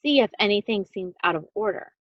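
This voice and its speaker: Eager young girl read by a woman, storybook, lively voice, dull lo-fi sound. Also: medium pitch, a little fast, no echo, close to an everyday voice.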